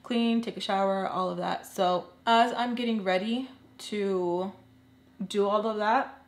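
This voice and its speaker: A woman's voice: medium pitch, measured pace, echoey room. A young woman telling an emotional personal story in a casual, earnest way, filling her talk with lots of "like"s. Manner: chatty, filler-heavy with many "like"s.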